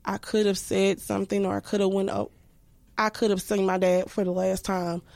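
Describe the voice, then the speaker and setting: A woman's voice: medium pitch, little pitch movement, moderate pace, gravelly, a little mellow, dry recording. A woman in her thirties speaking candidly and reflectively as a podcast guest, full of restarts and filler words. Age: 30s.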